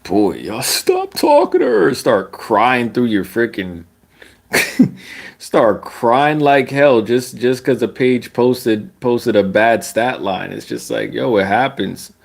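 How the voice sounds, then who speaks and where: A young man giving casual, slangy basketball commentary. He rants, laughs often and mocks other people with sudden high-pitched voices. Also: slow pace, vocal fry. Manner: animated, laughing, slangy, mocking voices with big pitch jumps.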